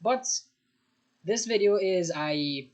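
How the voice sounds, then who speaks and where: A man's voice: high-pitched, expressive, slow pace, a little mellow, lo-fi sound. Tired rambling young man reacting. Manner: rambling, restarts often, over-caffeinated. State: tired, short on rest. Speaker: reaction video host. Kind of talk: casual reaction commentary.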